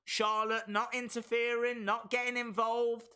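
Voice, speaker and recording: A man giving excitable live play-by-play reactions to a wrestling match, bursting into shouts at big moments. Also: extremely high pitch, unhurried, smooth. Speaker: wrestling stream host.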